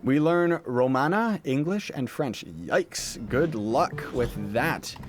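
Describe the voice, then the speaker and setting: A man's voice: medium pitch, lively intonation, takes it slowly. A young man streaming a game, casually chatting and answering viewers' questions in a playful, joking way. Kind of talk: casual livestream chat. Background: game background music.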